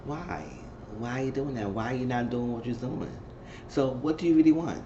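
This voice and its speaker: A man voicing a soft-spoken woman who coaxes her lover in a hushed, breathy tone. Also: mid-range voice, moderate pace, dull audio, a little hiss or hum, lightly acted. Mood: coaxing.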